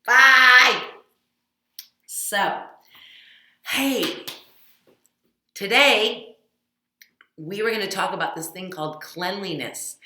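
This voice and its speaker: A woman giving a children's Sunday school lesson, speaking gently and coaxing the kids with questions. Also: on the low side, roomy sound.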